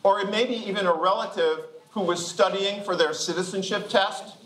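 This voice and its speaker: A man's voice: sits high, normal speed, fairly bright tone. An older man preaching a chatty, joking sermon in a church, laughing between phrases. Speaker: guest preacher. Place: church sanctuary. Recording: echoey room with background noise.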